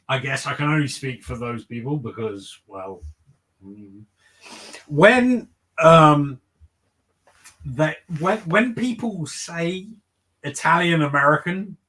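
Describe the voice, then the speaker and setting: An English man with a bright, somewhat high voice chats on a livestream. He stammers and restarts often as he searches for words. His tone is self-deprecating and easygoing. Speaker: co-host of a live comics show. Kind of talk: casual chat on a livestream.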